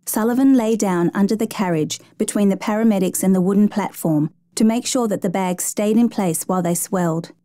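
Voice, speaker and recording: A woman narrates a true rescue story in a steady, measured storytelling voice. Her tone is warm and mellow, sitting in the middle of the usual range. The sound is close and dry, with no room around it. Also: mid-range voice, no room sound.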